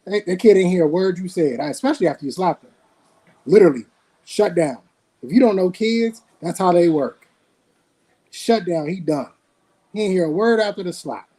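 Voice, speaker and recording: A man in his forties with a high, husky voice, making his points bluntly and emphatically on a podcast panel. His tone is mellow and dark underneath the force of his opinions. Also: animated, moderate pace, pauses often, rough recording. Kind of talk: casual podcast debate.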